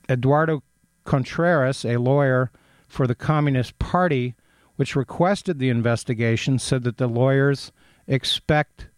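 A man's voice: medium pitch, a little mellow, no echo. A man reading news aloud and adding his own opinions, hesitating often with ums and uhs as he goes. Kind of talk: casual news commentary.

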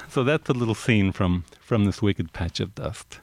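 A man with a very low voice reads his own prose and then talks about it. In conversation he sounds reflective and hesitant, often restarting his sentences. The sound is close and dry. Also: normal speed, vocal fry, few pauses, dry recording. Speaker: author, guest. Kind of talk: reading aloud and interview talk.

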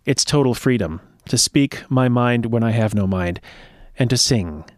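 A man's voice: mid-range voice, normal speed, no echo. A male show host with a dry, wisecracking, mock-serious way of talking, reading aloud from a web page. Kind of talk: joking talk and reading aloud.

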